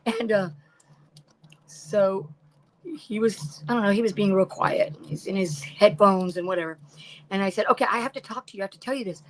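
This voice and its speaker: A woman's voice: mid-range voice, moderate pace, a little hiss or hum, poor audio. Chatty older woman crafting live. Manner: chatty, rambling, talks to chat viewers by name. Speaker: craft livestream host. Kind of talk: casual chat while crafting. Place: home craft room.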